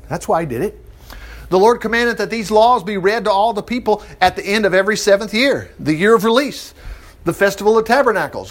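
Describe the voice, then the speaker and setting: Preacher, male, high voice, reads scripture with animated commentary. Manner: reads scripture aloud, breaks in with animated asides and laughs. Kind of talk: Bible teaching with commentary.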